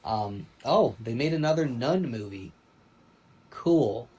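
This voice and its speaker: A man runs a casual livestream chat at a middle pitch. He talks in a loose, easygoing way, pausing on ums and uhs while he keeps things moving. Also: poor audio. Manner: relaxed, many ums and uhs, runs the segment. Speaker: livestream host.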